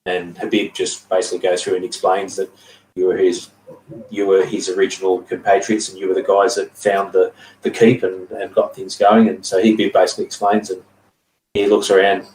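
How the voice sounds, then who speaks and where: Low-voiced man running a tabletop game. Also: completely flat delivery, a little mellow, recorded from a distance, a little hiss or hum. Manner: halting, full of ums and uhs. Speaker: game master. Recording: echoey room.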